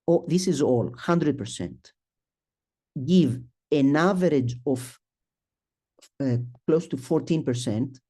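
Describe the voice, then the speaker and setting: Middle-aged man, academic lecture, slow delivery, halting with restarts, thinking aloud over slides. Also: on the high side, warm tone. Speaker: symposium presenter.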